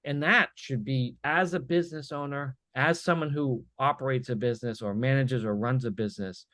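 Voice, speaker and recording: A man's voice: medium pitch, normal speed, no room sound. Emphatic man telling business stories. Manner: energetic, emphatic storytelling with repeated "right?" tags. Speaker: podcast guest, business speaker. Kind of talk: podcast interview.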